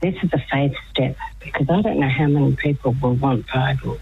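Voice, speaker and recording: A woman's voice: a bass voice, brisk, vocal fry, husky. An older woman chatting as a radio guest, telling her story with eagerness and frequent laughter. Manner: enthusiastic storyteller, laughs often. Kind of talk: casual chat on radio. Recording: muffled lo-fi radio sound.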